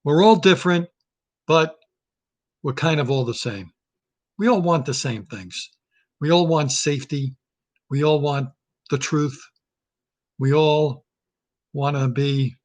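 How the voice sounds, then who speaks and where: A man hosting a weekly comic talk segment, musing in a folksy way and asking his audience rhetorical questions. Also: medium pitch. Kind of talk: casual comedic monologue.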